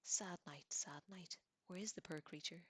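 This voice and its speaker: In a whispered role-play, a woman voices a portly, pompous old professor who speaks gravely and with ceremony. The voice is low, and the sound is close and dry. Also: moderate pace, a bit bright, no echo. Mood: solemn. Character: portly older male professor, pompous, solemn.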